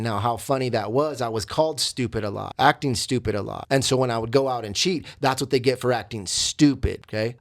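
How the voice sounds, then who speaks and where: A man hosting a podcast, telling his own story in a candid, reflective, confessional way with many fillers. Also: medium pitch. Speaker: podcast host and coach.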